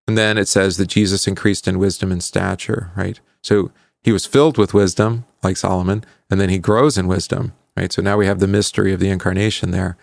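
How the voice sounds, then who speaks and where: A man leading a Bible study lesson, conversational, often asking "right?" and pausing with fillers as he recalls verses. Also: low-pitched, creaky, no echo, studio quality. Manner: conversational, asks questions and adds "right?"; halting, with many fillers while recalling verses. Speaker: pastor teaching a Bible class.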